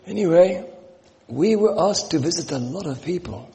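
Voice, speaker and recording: Seventy-something preacher in a reverberant hall. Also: male voice, fairly high pitch, expressive, dark tone. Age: 70s. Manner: slow, emphatic scripture reading. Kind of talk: storytelling sermon. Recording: long reverb, faint noise.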